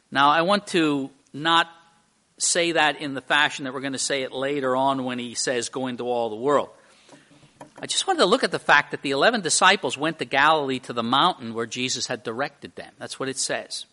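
A man's voice: medium pitch, moderate pace, pushed and bright. A man preaching a sermon, conversational, with frequent restarts and repeated words. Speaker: pastor.

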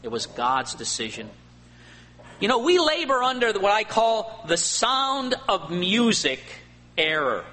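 A male pastor preaching a sermon, swinging between loud emphatic lines and quiet asides. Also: high-pitched, huge pitch swings, unhurried. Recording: faint hum and long hall reverb.

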